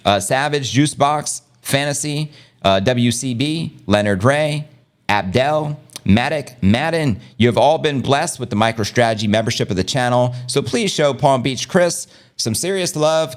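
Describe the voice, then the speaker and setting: A man hosting a live crypto news stream, reading headlines and excitedly shouting out viewers as family. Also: medium pitch, moderate pace. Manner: hype, calls viewers family, shouts out members. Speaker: crypto news livestream host.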